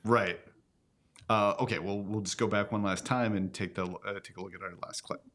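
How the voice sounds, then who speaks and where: A man's voice: fairly low pitch, steady tone, moderate pace, a bit bright. A man hosting a casual commentary, talking in a reflective, musing way. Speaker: host.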